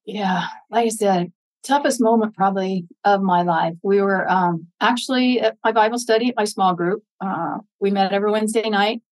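Woman guest, earnest storyteller, mid-range voice, dry close sound, lively when quoting people. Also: mid-range voice, normal speed, no room sound, rough recording. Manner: earnest, faith-filled, animated when quoting others. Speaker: podcast guest, Gold Star mother. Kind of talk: interview storytelling.

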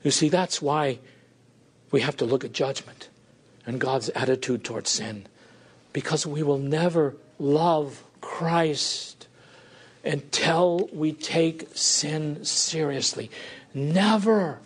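A man preaching a sermon with fervor, rising to pleading questions and dropping low and quiet to drive points home. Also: slow, breathy edge.

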